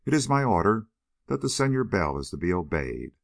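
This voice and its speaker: A man reading an audiobook voices a small, fearless male tyrant who speaks softly and mildly. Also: lowish voice, very animated, fairly quick, creaky, heavily acted. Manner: soft, mild, unafraid. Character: soft-spoken, fearless little male tyrant.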